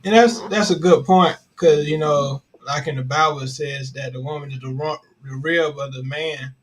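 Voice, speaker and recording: A man in a casual group discussion, speaking in a relaxed, agreeable way and filling his talk with "you know.". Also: on the high side, moderate pace, poor audio. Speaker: discussion participant.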